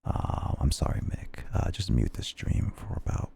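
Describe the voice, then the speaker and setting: A man in a whispered role-play, playing a soft-spoken ASMR whisperer, slow and close to the mic. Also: a little hiss or hum, lightly acted. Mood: hushed.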